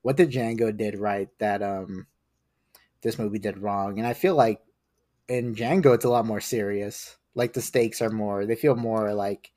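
Podcast guest, male, lower voice, rambly and animated, recorded dry and close. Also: a little slow, no room sound. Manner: rambling, animated, lots of restarts and fillers. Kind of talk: casual podcast chat.

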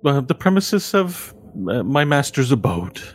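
A man's voice: very animated, a little slow. A man voicing a formal, welcoming male impresario of a pleasure house in a tabletop game, speaking in a theatrical, courtly manner. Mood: suspicious. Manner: smooth, theatrical, welcoming, raised pitch.

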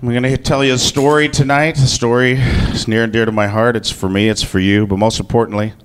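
A man's voice: medium pitch, level tone, fairly quick, noisy background. A man telling a personal story to an audience in a casual, joking way, swearing freely. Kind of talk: live comic personal storytelling.

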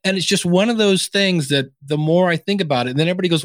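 Man, podcast guest, animated storyteller, acts out quoted dialogue, slightly higher voice, dry close sound. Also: very fast, no room sound. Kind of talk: casual interview talk.

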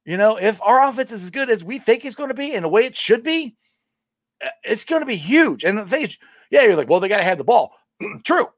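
A male sports talk host who speaks with passion and often restarts his sentences. His voice climbs and dips a great deal, and it sits a little high for a man. The sound is dry and close, with no room echo. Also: fairly quick. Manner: passionate, animated, many restarts. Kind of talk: casual sports talk reading live chat.

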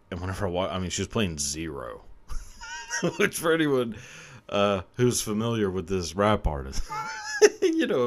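A deep-voiced man tells a personal story on his podcast in a loose, rambling way. He swears freely and laughs often. His pitch swings wildly, from low mutters to high cackles. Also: a little hiss or hum. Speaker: podcast host. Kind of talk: casual confessional storytelling.

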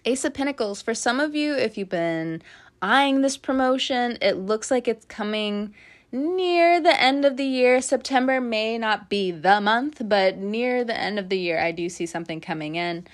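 A young woman giving a casual, animated tarot reading, swearing freely and laughing often. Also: a little high, moderate pace. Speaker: tarot reader.

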